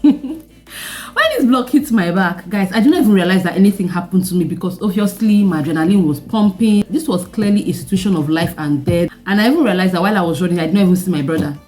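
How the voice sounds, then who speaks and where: A young Nigerian woman with a Nigerian accent, telling a personal story in a vlog with animated delivery and laughing asides. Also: fairly low pitch, fast talker, faint music behind. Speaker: vlogger.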